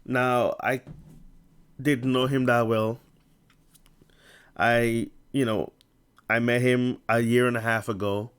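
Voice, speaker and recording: A man vlogging casually to camera with a stutter and a lisp. He reads an article aloud in a halting way, with many restarts and tongue-tied slips. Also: medium pitch, little pitch movement, clear, resonant tone.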